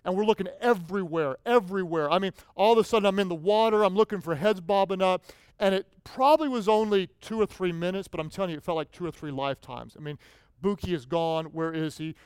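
A male pastor preaching an animated sermon, telling stories and prompting the congregation to repeat lines back. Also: sits high, quick pace, clean tone, no room sound. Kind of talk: sermon with call-and-response.

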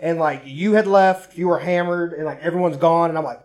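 A man telling a story in casual chat, animated and profane, acting out what people said. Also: a little high, fairly quick. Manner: profane, animated, acts out quotes.

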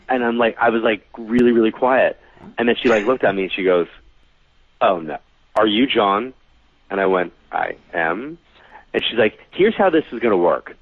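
A man's voice: on the low side, moderate pace, no echo. A man, a psychic reader, casually telling anecdotes and acting out the people in them, with lots of fillers. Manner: animated anecdote-telling, acts out quoted voices, many fillers. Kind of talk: casual storytelling interview. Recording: tinny phone-like line.

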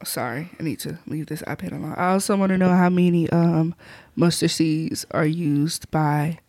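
Teasing gravelly podcast co-host. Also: medium pitch, normal speed, no echo. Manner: relaxed, teasing, giggly. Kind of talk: casual chat.

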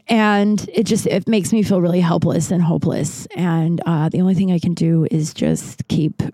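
A woman's voice: mid-range voice, dark tone, no room sound. A woman hosting a solo podcast, talking in a heated, frustrated way and swearing often, recorded in her closet. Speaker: podcast host.

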